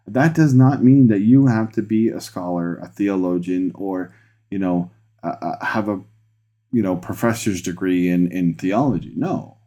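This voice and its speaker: A deep, mellow-toned man preaches as a pastor. He talks earnestly, circles back over his phrases, and lifts his energy when he drives a point home. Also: measured pace. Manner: earnest, repetitive restarts, rising excitement when making a point. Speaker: pastor, podcast host. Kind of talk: sermon.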